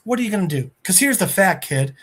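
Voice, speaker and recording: Brief: a cold, sneering gangster boss, as a podcast host puts him on, taunting and sure of himself. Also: male voice, high-pitched, very animated, fast talker, a bit bright, heavily acted. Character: smug male crime boss, cold and mocking.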